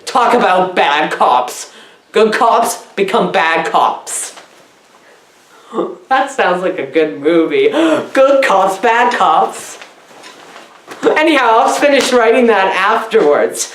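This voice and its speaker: A woman's voice: mid-range voice, sing-song, slow pace, reverberant. A woman doing an absurd comedy film review, rambling and giggling, her voice swooping up and down erratically.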